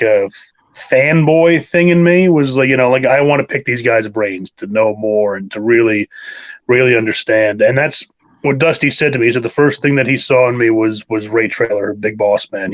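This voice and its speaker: An enthusiastic man in his thirties from New York, talking through his memories in a loose, rambling way, full of fillers and restarts. His voice sits at an ordinary middle pitch for a man. He sounds like a guest chatting into a podcast mic. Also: muffled recording. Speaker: wrestler guest. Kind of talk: casual interview.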